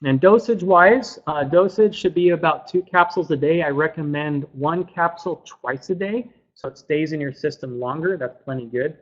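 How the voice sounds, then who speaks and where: A man with a fairly high voice, talking loosely and casually to an online audience. He repeats words, trails off and fills his pauses with um. The sound is dull and lo-fi, as on a home computer mic. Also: fairly bright tone. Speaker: webinar presenter. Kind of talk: casual webinar talk. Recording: dull lo-fi webinar audio.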